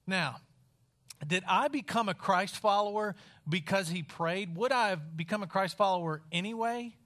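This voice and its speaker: A man from West Virginia preaching a sermon in a wry, conversational storytelling style with dramatic pauses. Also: high-pitched, fairly bright tone.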